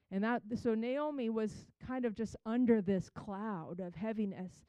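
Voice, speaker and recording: A woman's voice: a little high, unhurried, hardly any pauses, dark tone, clean tone, no echo. Chatty woman teaching the Bible. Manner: chatty, laughs often, retells scripture conversationally.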